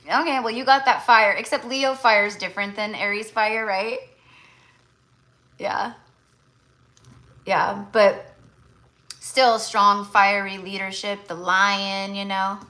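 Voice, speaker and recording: A woman's voice: medium pitch, takes it slowly, pauses often, pushed and bright, poor audio. A woman tarot reader in casual livestream chat, blunt and chatty, full of fillers.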